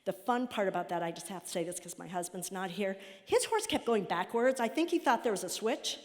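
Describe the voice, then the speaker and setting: A middle-aged woman addresses an audience with storytelling, her pitch sitting in the ordinary middle for a woman. She acts out the voices of the people in her stories. Her voice rings with the long tail of a large hall. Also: fairly quick. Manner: animated storyteller acting out quoted voices. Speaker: nonprofit president speaking at a summit.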